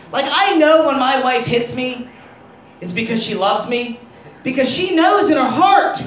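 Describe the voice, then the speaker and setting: A man's voice: very high-pitched, fairly bright tone, a little hiss or hum. A man doing crude, self-deprecating stand-up comedy on a club stage. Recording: roomy club sound from far off.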